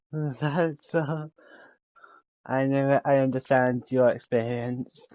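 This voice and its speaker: A man's voice: mid-range voice, steady tone, extremely slow, long pauses, dry recording, muffled recording. A man streaming a game, reading its dialogue aloud, stumbling over words, restarting lines and laughing between them.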